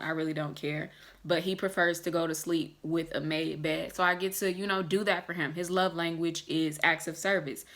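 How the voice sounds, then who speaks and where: A woman in her twenties chatting casually to her viewers in a vlog, relaxed and candid, with lots of "like" and "um" fillers. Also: on the low side. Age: 20s. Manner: warm and candid, talking straight to viewers. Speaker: vlogger.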